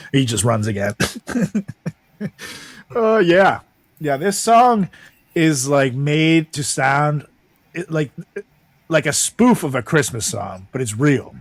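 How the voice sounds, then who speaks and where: A man's voice: on the high side, big pitch swings, takes it slowly, pauses often, no echo. A man co-hosting a podcast, riffing in casual chat, laughing often and swearing freely. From Latin American background. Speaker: podcast co-host.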